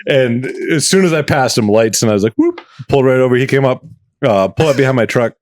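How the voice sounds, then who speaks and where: A man's voice: medium pitch, fast. A man on a podcast telling a story in casual, profane chat, acting out the voices in his anecdotes. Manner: animated, profane storyteller who acts out quotes. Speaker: podcast co-host.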